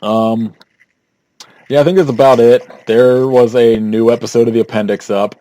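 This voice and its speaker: A man's voice: mid-range voice, fairly even intonation, moderate pace, mellow, dry recording. Laughing, rambling male podcast host. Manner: laughs often, rambling with fillers. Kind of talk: casual chat.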